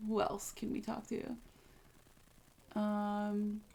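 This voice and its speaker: A woman chatting casually on a livestream, reading out fan comments in between. Her talk is loose and chatty, full of little fillers and pauses. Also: mid-range voice, monotone, creaky, mellow. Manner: chatty, many fillers, reads comments aloud. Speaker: band member hosting a fan Q&A stream.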